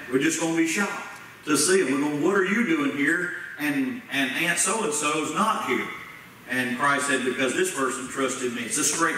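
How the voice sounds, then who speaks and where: A man's voice: a little high, pushed and bright. A man preaching a sermon as pastor, folksy and plain-spoken, putting questions to the congregation. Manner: folksy preaching with Southern-style grammar, asks the congregation questions. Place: church sanctuary. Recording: echoey church sanctuary from far off, faint noise.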